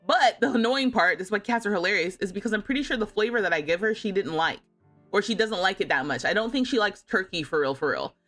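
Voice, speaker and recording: Lively, bright-voiced woman streamer. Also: mid-range voice, quick pace, soft background music. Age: 30s. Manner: chatty storytelling, often laughing and mimicking her cat. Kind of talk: casual livestream chat.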